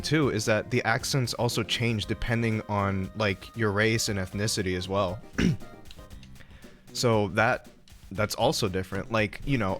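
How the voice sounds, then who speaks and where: A man's voice: on the low side, a bit bright. A young man streaming a game and chatting casually, rambling with lots of fillers and laughs. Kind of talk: casual chat while playing.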